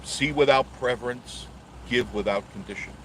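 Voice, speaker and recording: A man's voice: medium pitch, moderate pace. A man hosting a casual live stream from inside his car, rambling, joking and answering viewer comments, recorded on a phone on a gimbal. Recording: clear traffic noise behind the voice.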